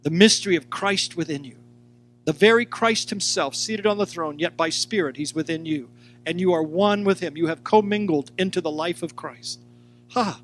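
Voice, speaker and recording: A man teaching a sermon, animated, acting out quoted lines and speaking straight to his listeners. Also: a little high, normal speed, slight background noise. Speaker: Bible teacher.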